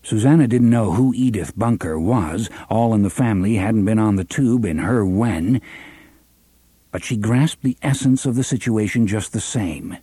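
A man narrating an audiobook with an expressive, varied delivery, close to the mic. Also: on the low side, normal speed, breathy edge, no echo. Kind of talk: scripted narration.

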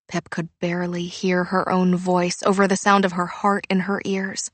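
A woman reading a novel aloud in measured, even narration. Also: on the low side, dry recording. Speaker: audiobook narrator. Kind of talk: scripted narration.

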